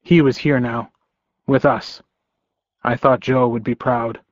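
Male audiobook narrator, first person, slow measured pace, mid pitch, dry slightly dull recording. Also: steady tone, no room sound.

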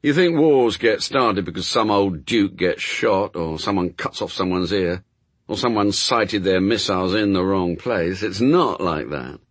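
A man voicing a cynical male demon in an audiobook, speaking flatly with leaden gloom. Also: mid-range voice, measured pace, husky, no room sound. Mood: gloomy. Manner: flat, leaden fatalism.

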